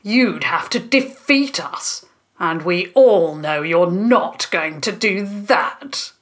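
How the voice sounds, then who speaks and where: A gloating lord of the frost speaks with cold mockery, a woman reading him aloud. His lines come low and quiet for a storybook villain. The delivery is slow and unhurried. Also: animated. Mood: mocking. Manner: cold, mocking. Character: gloating icy male lord of winter.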